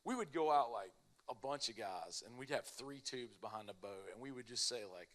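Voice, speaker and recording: A young man speaking at a church family event laughs through his own funny story, animated before a live audience. He talks fairly quickly in a mid-range voice.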